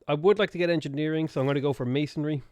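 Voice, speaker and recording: A man's voice: fairly high pitch, racing, darkish tone, no room sound. A man live-streaming a strategy game, chatting playfully and answering viewers' questions as he plays.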